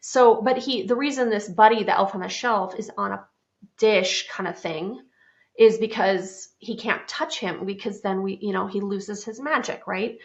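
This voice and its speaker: Gravelly-voiced woman podcast host, chatty. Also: mid-range voice, moderate pace, dull audio. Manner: chatty, frank, self-mocking storyteller. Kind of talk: casual storytelling monologue.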